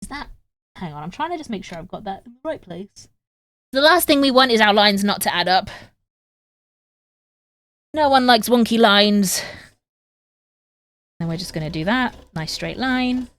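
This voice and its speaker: A woman's voice: medium pitch, lively intonation, normal speed, pauses often, fairly bright tone, dry recording. A young woman from England with a northern English accent, chatting casually with viewers on a sewing livestream. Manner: chatty, reads chat aloud and talks to viewers while sewing. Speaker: streamer.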